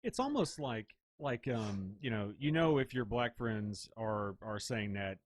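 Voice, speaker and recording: A podcast co-host chatting casually, dropping quick side comments. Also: medium pitch, animated, no room sound. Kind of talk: casual chat.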